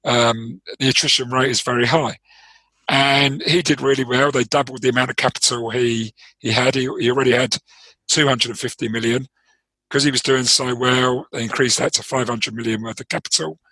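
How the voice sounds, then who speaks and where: London man, bright yet husky voice. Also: mid-range voice, fairly even intonation, normal speed, no echo, rough recording. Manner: thoughtful, explanatory, with frequent restarts and repeated words. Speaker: trading performance coach, interview guest. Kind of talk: interview conversation.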